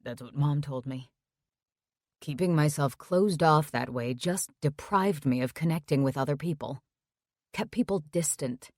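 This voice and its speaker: A woman reading aloud plays a tender young hockey player in an audiobook. He speaks quietly and sincerely, in a low voice. The recording is dry and close. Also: unhurried, dry recording.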